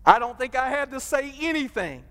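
A man preaching a sermon, building to drawn-out, impassioned peaks. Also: very high-pitched, sing-song, a bit bright. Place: church sanctuary. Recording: long hall reverb.

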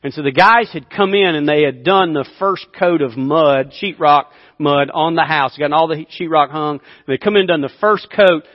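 Middle-aged pastor preaching in a big hall. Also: male voice, on the high side, moderate pace, hardly any pauses, highs cut off. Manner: storytelling, swinging from quiet to loud, laughing at himself. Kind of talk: sermon.

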